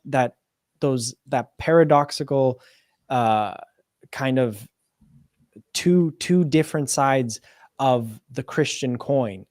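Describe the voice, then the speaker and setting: A man hosting an interview, talking in an animated way and often stumbling and restarting mid-sentence. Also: medium pitch, dry recording, clean studio sound. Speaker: host. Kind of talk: conversational interview.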